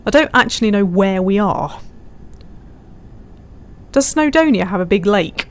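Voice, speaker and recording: A woman's voice: medium pitch, expressive, measured pace. A woman streamer chatting casually while flying a simulator, giggling often and reading out viewers' messages. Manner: chatty, giggly, reads chat aloud. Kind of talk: casual live-stream commentary.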